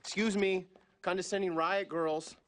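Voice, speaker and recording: An actor playing a condescending adult customer who talks in a mocking way. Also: male voice, high-pitched, steady tone, moderate pace, a bit bright, slight background noise.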